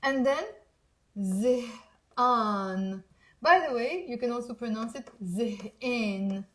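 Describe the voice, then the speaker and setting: A woman from Mount Lebanon with a Lebanese accent gives a casual Arabic lesson, speaking fairly quickly in a slightly high, lively voice. She keeps encouraging her learners to repeat aloud with her.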